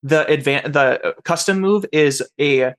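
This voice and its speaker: Male tabletop game master with a somewhat high voice who restarts his sentences as he explains rules. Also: a bit bright, clean tone. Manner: halting, restarts sentences often. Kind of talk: running a tabletop role-playing game.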